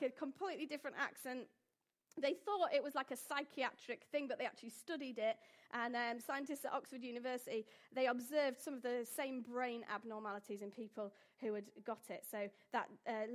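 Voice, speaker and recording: Chatty high-voiced woman addressing an audience. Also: a bit bright. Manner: chatty, jokey, asks the audience questions. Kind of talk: informal talk to a live audience.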